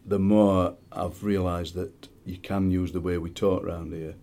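In this conversational interview with poetry readings, a middle-aged Barnsley man from South Yorkshire tells stories with gusto and often puts on voices for quotes. He speaks low and a little slowly.

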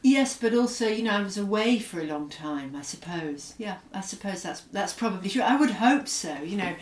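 A woman's voice: mid-range voice, expressive, moderate pace, reverberant, recorded from a distance. A middle-aged woman author from Scotland with an English accent, speaking thoughtfully in an interview with frequent hesitations and fillers. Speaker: author, guest. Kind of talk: reflective interview conversation.

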